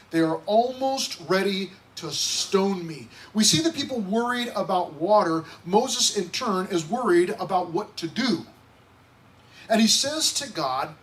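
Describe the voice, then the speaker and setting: A male pastor preaching in a conversational, animated way, acting out voices and asking rhetorical questions. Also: high voice, a little hiss or hum, rough recording. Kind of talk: sermon.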